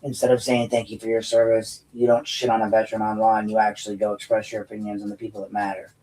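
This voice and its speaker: An American man hosts his own show as a political commentator, launching into a blunt, profane, unscripted rant to viewers with frequent restarts. His fairly low voice is monotone, quick and a little mellow. He sits far from the mic, and the recording quality is low.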